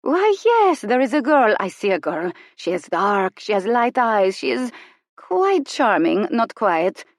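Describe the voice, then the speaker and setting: A woman voicing a shrewd middle-aged female fortune teller, speaking slowly and knowingly in a rustic dialect. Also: medium pitch, very animated, no room sound, studio quality, pitched above the performer's own voice. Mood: theatrical. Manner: slow, knowing, dialect-tinged speech.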